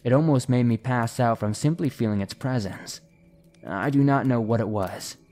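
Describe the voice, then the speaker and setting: A man narrating listener-submitted horror stories, slowing and hushing his delivery at the tense moments. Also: mid-range voice, faint music behind.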